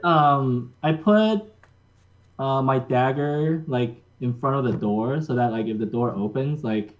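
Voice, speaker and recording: A man's voice: medium pitch, fairly even intonation, measured pace. A man playing a tabletop game, speaking hesitantly with fillers. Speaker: player. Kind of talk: casual tabletop game play.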